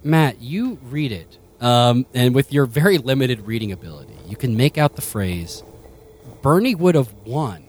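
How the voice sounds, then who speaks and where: A man's voice: mid-range voice, expressive, normal speed, few pauses, a little hiss or hum. A man narrating as game master of a tabletop game, rambling loosely and laughing often.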